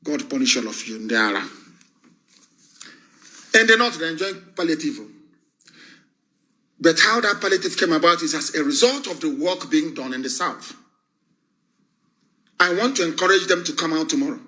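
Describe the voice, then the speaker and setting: A man's voice: on the high side, expressive, moderate pace, pauses often, pushed and bright. A man with a Nigerian accent giving an impassioned live address, fiery and scornful, repeating phrases for emphasis. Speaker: broadcaster addressing followers.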